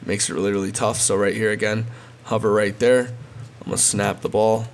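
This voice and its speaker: Low-voiced man explaining a game. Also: little pitch movement, brisk. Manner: repetitive, addresses viewers as guys. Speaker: gaming video creator. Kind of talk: casual gameplay tutorial.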